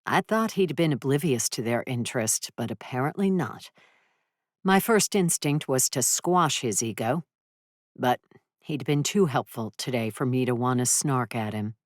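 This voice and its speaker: Very deep-voiced woman narrating audiobook. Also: lively intonation, normal speed, no room sound, clean studio sound. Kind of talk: scripted first-person narration.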